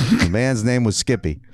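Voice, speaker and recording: A middle-aged man co-hosting a podcast, telling a story in casual chat, laughing often and getting loud as he relives his anger. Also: mid-range voice, measured pace, no room sound, studio quality. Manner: animated storyteller, laughs often, voice climbs when recounting anger. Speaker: podcast co-host.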